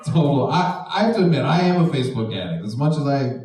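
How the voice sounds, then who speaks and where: A young man doing a stand-up comedy set, animated, often jumping into high mocking voices for the people he quotes. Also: quick pace. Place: art house venue with live audience. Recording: echoey room, distant mic, faint noise. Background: audience laughter.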